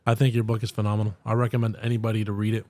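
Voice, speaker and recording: A man's voice: on the low side, completely flat delivery, rapid-fire, dark tone. A man hosting a podcast, chatting casually and often saying "you know what I mean". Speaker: podcast host. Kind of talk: casual chat.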